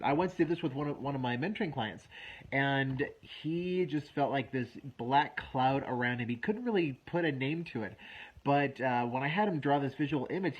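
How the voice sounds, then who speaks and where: A man in his thirties with a husky, slightly breathy voice walks through a self-help exercise one step at a time. He sounds relaxed and pokes fun at himself now and then. The recording is a little dull and muffled. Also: mid-range voice. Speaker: wellness coach. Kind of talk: instructional talk to camera.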